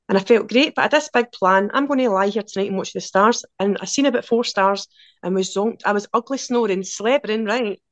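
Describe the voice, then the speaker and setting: A Glaswegian woman in her forties, a podcast guest telling casual, lively stories in quick run-on anecdotes. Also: medium pitch, no echo, muffled recording. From Scotland. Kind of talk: casual storytelling.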